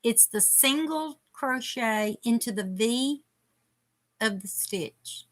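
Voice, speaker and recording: A woman's voice: fairly high pitch, animated, slow. A woman hosting a casual live chat, reading viewer comments aloud as she crochets. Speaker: host.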